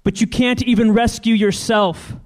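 A man's voice: very high-pitched, steady tone, moderate pace, pitched above the performer's own voice. A man voicing a mocking crowd in a dramatic scripture reading, with a taunting, raised voice. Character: jeering mocking crowd of men.

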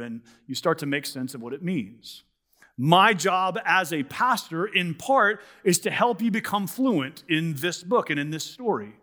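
A male pastor preaching a sermon in a church, in a casual, conversational way full of "like" and "sort of". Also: fairly high pitch. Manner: conversational, animated, many "like" and "sort of". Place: church sanctuary.

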